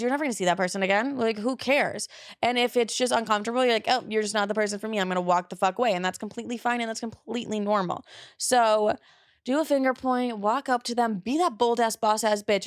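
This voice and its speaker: A woman's voice: fairly high pitch, dry recording, studio quality. A young woman hosting a podcast, chatting casually and bluntly, with playful swearing. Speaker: podcast host. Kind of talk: casual chat.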